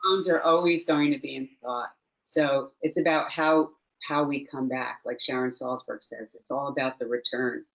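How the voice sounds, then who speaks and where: A woman's voice: very deep voice, steady tone, moderate pace, creaky. Earnest reflective woman on a dull call. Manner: earnest, reflective, repeats phrases for emphasis. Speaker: mindfulness teacher, guest. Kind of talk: relaxed conversational interview.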